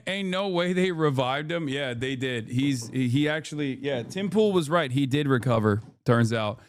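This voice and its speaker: A man streaming live, reacting to video clips with sarcastic, crude and rapid asides. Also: medium pitch, no echo. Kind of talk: casual live-stream commentary.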